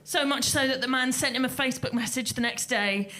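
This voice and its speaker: A woman telling a lively anecdote on stage, acting out the quotes as she goes. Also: high voice, brisk. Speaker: festival crew member telling a story.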